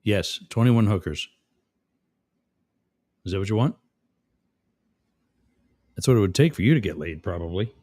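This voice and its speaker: A man's voice: on the low side, lively intonation, a little slow, long pauses, a little mellow, no room sound. A man hosting a live stream, reading chat comments aloud and mocking the commenters sarcastically. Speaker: livestream host.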